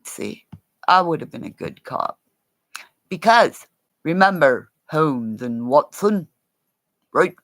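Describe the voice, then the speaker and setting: A woman from Canada rambling through a livestream monologue, jumping between topics and bursting into shouts and silly rhymes. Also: low-pitched, expressive, takes it slowly, long pauses, no room sound. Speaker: vlogger.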